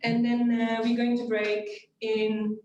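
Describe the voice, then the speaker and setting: A woman's voice: a little high, flat delivery, slow, darkish tone, muffled recording. A woman hosting a live online coffee cupping, chatting and explaining the steps with fillers and laughs. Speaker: cupping session host. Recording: echoey room with faint noise.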